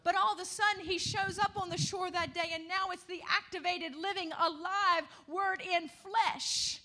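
A woman preaching a sermon in a very high, bright, forceful voice. She talks to the congregation in a conversational way, then builds to loud, climbing emphasis and calls of hallelujah. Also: steady tone, normal speed.

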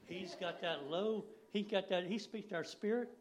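A man's voice: high voice, moderate pace. A man in his sixties giving a folksy, rambling church sermon, laughing now and then. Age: 60s. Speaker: lay preacher.

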